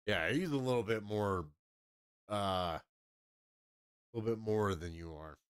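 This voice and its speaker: A man's voice: fairly low pitch, unhurried, clean tone, no echo, studio quality. A man chatting casually to his livestream audience in a blunt, rambling, profane way. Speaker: streamer.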